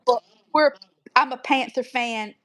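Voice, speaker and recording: A woman with a Southern American accent chatting casually on a livestream over a video call, drawn-out and easily amused. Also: high voice, a bit bright. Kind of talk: casual chat.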